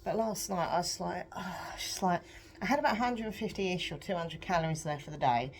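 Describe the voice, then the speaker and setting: Croaky british woman rambling on her home vlog, lower voice, little hiss behind. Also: fairly quick. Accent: British English. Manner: chatty, rambling, self-deprecating, laughs often. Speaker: vlogger. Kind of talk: casual confessional vlog chat.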